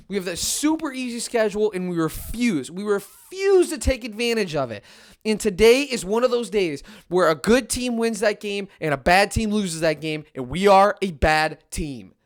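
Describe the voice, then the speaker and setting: Exasperated young man ranting. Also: sits high. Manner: exasperated rant with sudden loud outbursts. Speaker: sports podcaster. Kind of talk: ranting fan commentary.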